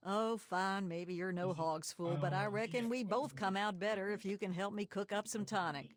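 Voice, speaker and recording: A woman's voice: medium pitch, normal speed, close to an everyday voice. An actress voicing a sly, folksy backwoods moonshiner woman with a Southern drawl in a game. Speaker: game character.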